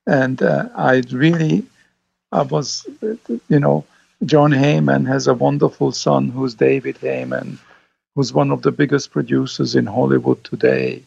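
An older man, a film director, reminiscing as an interview guest, halting, with many restarts. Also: medium pitch, steady tone, gravelly, darkish tone, husky, no room sound. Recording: dull lo-fi sound.

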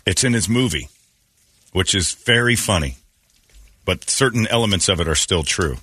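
Deep, lively-voiced sarcastic radio host. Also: male voice, moderate pace, husky, dry recording, studio quality. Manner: joking, sarcastic, animated delivery. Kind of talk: casual morning show banter. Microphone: studio microphone.

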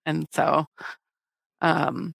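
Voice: medium pitch, completely flat delivery, drawn-out words, creaky, fairly bright tone, no echo. A podcast host in casual recap chat, explaining and prompting the other speakers.

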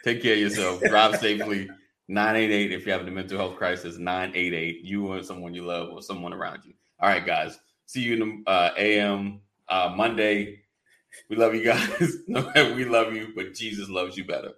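A man co-hosting a casual podcast, with a low, bright, forceful voice. He chats in a lively way and laughs often. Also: moderate pace. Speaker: podcast co-host. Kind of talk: casual chat.

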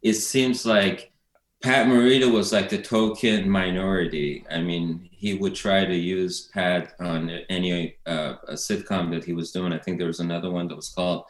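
A man's voice: low voice, fairly even intonation, moderate pace. A man chatting casually as a guest, loose and rambling, with lots of fillers and restarts. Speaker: documentary filmmaker guest. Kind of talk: casual conversation. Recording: roomy echo.

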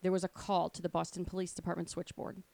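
A woman's voice: fairly low pitch, flat delivery, fast talker, gravelly, warm tone. A woman hosting a casual podcast, steadily telling a story from her notes and patiently handling interruptions.

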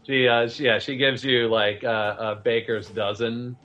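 A man acts as game master for a tabletop game, narrating in a loose, chatty manner full of fillers. His voice sits in the mid range, his pace is measured, and the sound is lo-fi.

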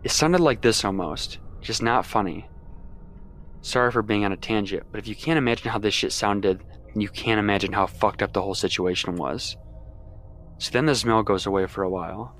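Low-voiced young man telling a horror story. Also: a bit bright. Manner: casual and heavily profane. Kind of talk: first-person horror story narration.

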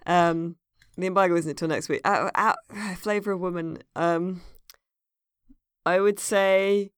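A woman speaking slowly and hesitantly, pausing on ums and uhs in casual chat. Her voice is very smooth and clear, recorded dry and close. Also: fairly low pitch, fairly even intonation, dry recording.

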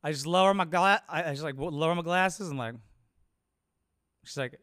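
A man's voice: fairly high pitch, fairly quick, a bit bright, no echo, clean studio sound. A young adult man, a comedian, rambling casually and cursing freely in a solo monologue. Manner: rambling, profane, laid-back.

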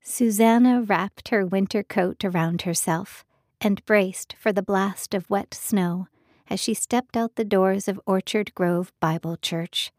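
A female audiobook narrator reads a scripted audiobook in a measured, even storytelling manner. Her voice is mid-range, with clean studio sound and no room noise.

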